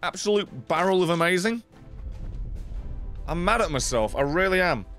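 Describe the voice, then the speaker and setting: An excitable man talks through a video game in casual stream commentary, his voice bouncing between low grumbles and high yelps. He swears freely and reacts loudly to every surprise. Faint music plays softly behind him. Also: moderate pace.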